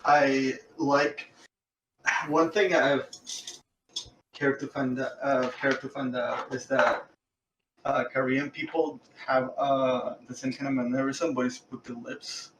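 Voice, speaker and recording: A man's voice: medium pitch, fairly even intonation, takes it slowly, echoey room, noisy background. A man chatting casually on a gaming podcast, laid-back and joking. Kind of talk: casual chat.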